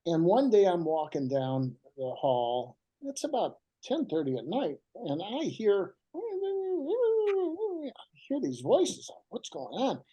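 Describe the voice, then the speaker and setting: Older man telling emotional stories, mellow tone, swoops up and down a lot. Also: high-pitched, slightly rough, highs cut off. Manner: animated and emotional, slows down for emphasis. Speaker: guest writer. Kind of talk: heartfelt storytelling.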